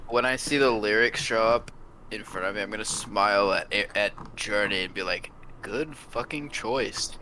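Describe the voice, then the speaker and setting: A man playing a tabletop game, excitable and animated. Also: lowish voice, normal speed, slight background noise, rough recording. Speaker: player. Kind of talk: casual tabletop play.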